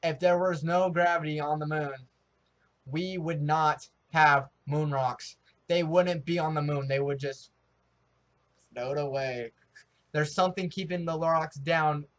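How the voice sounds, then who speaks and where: A young man from the United States with a high voice talks in a casual vlog. He rambles and gets excitable, restarting his sentences and piling on fillers. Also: measured pace. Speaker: vlogger.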